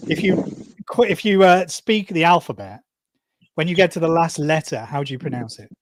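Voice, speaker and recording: A man's voice: on the high side, lively intonation, moderate pace, background noise. A man from England with a London accent, co-hosting a casual livestream with teasing banter. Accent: London English. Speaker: co-host. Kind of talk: casual chat.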